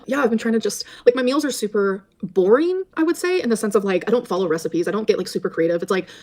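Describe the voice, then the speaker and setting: A woman's voice: medium pitch, expressive, fast, a little mellow. A young woman vlogger chatting casually and rambling about her day, with her speech full of "like" fillers. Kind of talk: casual chat vlog.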